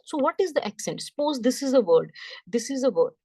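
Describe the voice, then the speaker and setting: A woman teaching French, explaining slowly step by step, often repeating herself and checking in with "right?". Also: sits high, big pitch swings, warm tone, dry recording. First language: Punjabi. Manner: slow, repetitive, checks understanding with "right?". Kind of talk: classroom lesson explanation.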